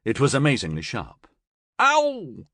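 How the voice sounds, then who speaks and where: A man narrating a science fiction audiobook in an expressive storytelling manner. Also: lowish voice, moderate pace, no room sound, clean studio sound. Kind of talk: scripted narration.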